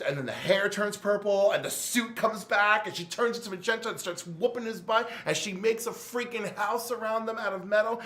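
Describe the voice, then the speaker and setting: A man co-hosting a casual comics podcast, retelling scenes with excited storytelling and quick jumps into character voices. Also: high voice. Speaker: podcast co-host reviewing comics. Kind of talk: animated casual chat, acting out scenes. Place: game store.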